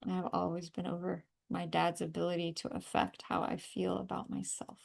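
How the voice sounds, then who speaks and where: A woman leading a guided energy-healing call, calmly repeating affirmations and breathing cues. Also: on the low side, moderate pace, vocal fry. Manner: calm, repetitive guiding with breathing cues. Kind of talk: guided tapping and affirmation session.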